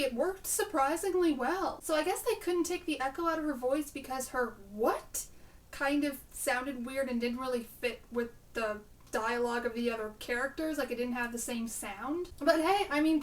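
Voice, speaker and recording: A young woman reviewing a TV episode on video in a chatty, sarcastic, excitable way. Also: high-pitched, distant mic.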